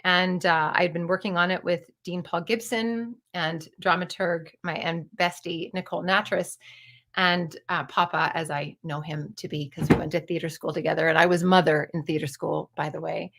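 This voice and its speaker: This is a woman in her fifties with a somewhat low voice, recounting a personal story. She speaks candidly and wanders off into digressions, dropping casual swear words along the way. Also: fairly even intonation, moderate pace, fairly bright tone. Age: 50s. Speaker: storyteller and playwright.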